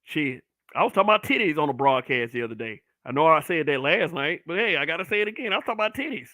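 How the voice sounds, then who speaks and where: A middle-aged man hosts his own solo broadcast, ranting bluntly with lots of profanity. His voice sits high and sounds bright and forceful. It is recorded close and dry. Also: sing-song, very fast, dry recording. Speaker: online talk show host. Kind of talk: brutally honest solo commentary broadcast.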